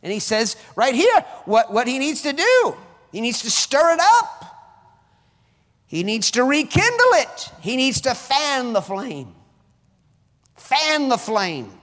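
A man preaching a sermon as pastor, his force rising and falling sharply between fervent cries and quiet asides. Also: very high-pitched, in a large hall. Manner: preaching with sudden rises and drops in force.

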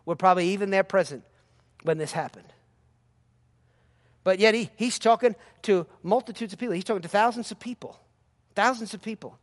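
High-voiced emphatic male preacher in a reverberant hall. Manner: emphatic, swings from shouted scripture to quiet asides. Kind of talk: sermon.

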